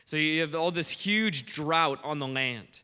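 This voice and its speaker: A man preaching an energetic sermon, telling a story with acted-out voices and questions to the crowd. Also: on the high side, unhurried, clear, resonant tone. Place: large conference hall. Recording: long hall reverb.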